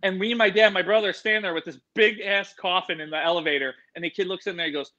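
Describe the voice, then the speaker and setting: A man, an animal expert, telling rambling, animated stories in a casual interview. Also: sits high, fast, few pauses, dull audio.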